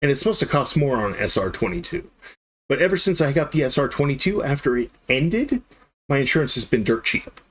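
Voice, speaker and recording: Brisk and medium in pitch, a man in his thirties rambles through a lengthy story during a game stream. He performs the dialogue with animated flair, all in a casual live-stream storytelling mood.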